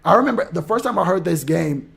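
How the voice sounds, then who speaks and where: Gravelly-voiced man ranting animatedly. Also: fairly high pitch, lively intonation, fast. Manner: acts out quoted people, swings from loud outbursts to mumbling. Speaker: motivational podcaster. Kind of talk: animated storytelling rant.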